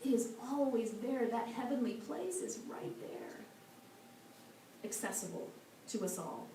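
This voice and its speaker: A woman minister giving a storytelling sermon in a church, soft and slow at times. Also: fairly high pitch, lively intonation. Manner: soft, slow and meditative at moments. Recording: echoey hall from a far mic, faint noise.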